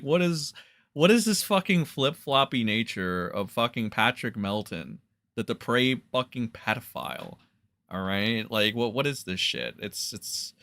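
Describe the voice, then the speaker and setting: A man's voice: mid-range voice, bright, forceful tone, dry recording, clean studio sound. A man hosting a livestream, mocking and ranting with constant swearing and lots of "like" and "all right". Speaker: livestream commentary host. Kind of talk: profane reaction commentary.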